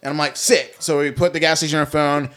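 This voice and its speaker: A young man telling a rambling, profane story to friends, animated and full of restarts. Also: fairly high pitch, quick pace.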